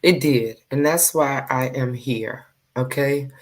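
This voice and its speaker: A woman's voice: rumbling low, slow pace. A woman hosting a live stream, chatting casually and unhurriedly to her viewers. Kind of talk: casual chat.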